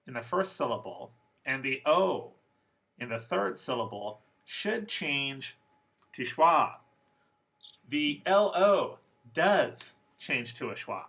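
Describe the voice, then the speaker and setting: A man teaching an English pronunciation lesson in a classroom style. His voice is bright and sits at a middle pitch. He talks slowly and deliberately, repeating each example word. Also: creaky. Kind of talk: classroom lecture.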